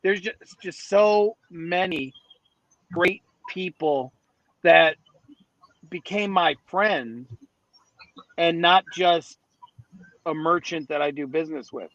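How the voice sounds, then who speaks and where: High-voiced man telling a rambling story. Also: slow, long pauses, fairly bright tone, dry recording, muffled recording. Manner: rambling, with many restarts. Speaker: podcast guest. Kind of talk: casual storytelling. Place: outdoors near a street in a city.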